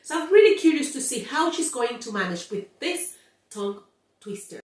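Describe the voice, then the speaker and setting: A woman teaching Spanish pronunciation, sounding out words slowly and scolding playfully about common mistakes. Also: sits high, sing-song, a little mellow, reverberant, recorded from a distance. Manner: slow, drawn-out demonstrations of sounds, playful scolding. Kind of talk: pronunciation lesson.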